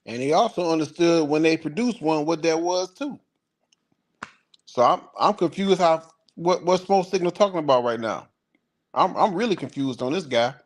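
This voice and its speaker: A man's voice: fairly high pitch, moderate pace. A man from the northern United States, pressing an opponent with repeated questions in a heated online debate.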